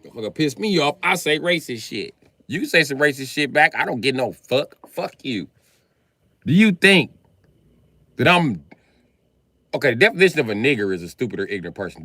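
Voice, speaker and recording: A man talking casually on a live stream in a profane, animated way, breaking into laughs between remarks. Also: medium pitch, a little fast, no room sound, clean studio sound.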